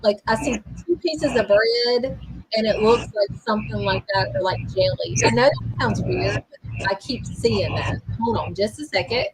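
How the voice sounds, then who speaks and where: A woman's voice: on the high side, big pitch swings, moderate pace, a little hiss or hum, poor audio. A woman hosting a live-streamed psychic reading, rambling and hesitant with many fillers. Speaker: psychic medium host. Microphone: streaming mic.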